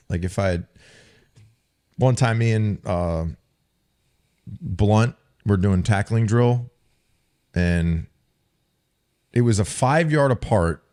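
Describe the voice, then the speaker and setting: Here a man with a lowish, slightly mellow voice speaks slowly, pausing often, with lively intonation. He's a podcast co-host and ex-football player telling crude, sarcastic tales of his former coaches in a relaxed, chatty way.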